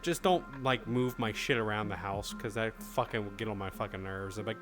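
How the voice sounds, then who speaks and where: A man's voice: fairly low pitch, brisk, hardly any pauses, a bit bright, soft background music. Chatty, foul-mouthed streamer guy. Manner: chatty, swears freely, reads chat aloud. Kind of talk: casual live-stream chat.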